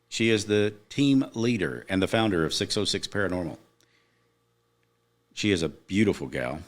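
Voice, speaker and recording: A middle-aged man, a podcast guest, earnestly telling a personal story in casual chat, with emphatic moments. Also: deep voice.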